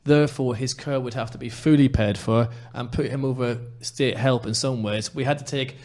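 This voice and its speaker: A man's voice: mid-range voice, steady tone, moderate pace, darkish tone. A man hosting a football podcast in casual chat, talking in an impassioned, emphatic way. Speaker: podcast host.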